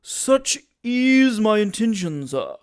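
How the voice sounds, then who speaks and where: A reader doing a touchy, declaiming plump gentleman. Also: mid-range voice, very animated, slow, pitched above the performer's own voice. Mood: indignant. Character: plump, touchy older gentleman, quick to offence. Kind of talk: audiobook character reading.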